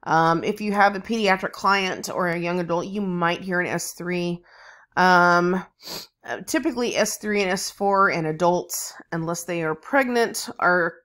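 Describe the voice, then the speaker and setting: A woman's voice: on the low side, unhurried, a bit bright. A woman teaching nursing students in a recorded lecture, explaining at an easy pace with frequent ums and chanting rhythms aloud. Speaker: nursing instructor.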